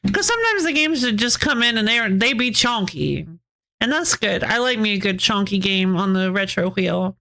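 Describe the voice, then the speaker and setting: A woman's voice: medium pitch, animated, moderate pace, bright, forceful tone. A woman streamer chatting casually with her viewers, rambling, restarting her sentences and giggling often. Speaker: game streamer. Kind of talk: casual live-stream chat, answering chat.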